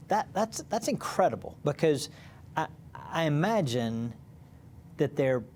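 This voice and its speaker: A man interviewing a guest for a church program, affirming and animated when he makes a point. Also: medium pitch, a little hiss or hum.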